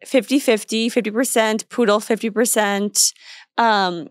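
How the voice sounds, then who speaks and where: Young woman co-host, slightly high voice, gushing and bubbly, dry close mic. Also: fairly even intonation, measured pace, no echo. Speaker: podcast co-host. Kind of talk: casual chat.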